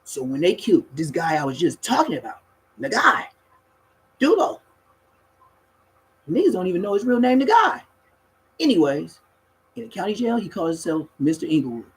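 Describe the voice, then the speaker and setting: A man tells a rowdy street story in a husky, slightly raspy voice that sits a little high for a man. He talks casually and profanely. He breaks into laughter and mimics the people he describes. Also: moderate pace, pauses often, rough recording. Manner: animated, profane, laughs mid-story, acts out other people.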